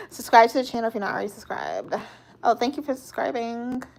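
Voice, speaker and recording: A woman's voice: on the high side, huge pitch swings, fast talker, creaky, very noisy. A young woman hosting a casual live stream, answering viewer comments with frequent giggles and stumbles over her words. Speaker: livestream host.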